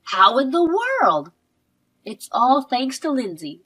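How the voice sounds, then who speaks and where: A woman narrating a scripted story in a measured, expressive way. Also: sits high. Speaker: narrator voicing the wife.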